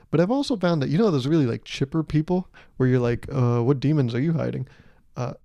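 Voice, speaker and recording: A man's voice: mid-range voice, gravelly, mellow, dry recording. A man hosting a comedy podcast, delivering a rambling, sarcastic, profane monologue. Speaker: podcast host.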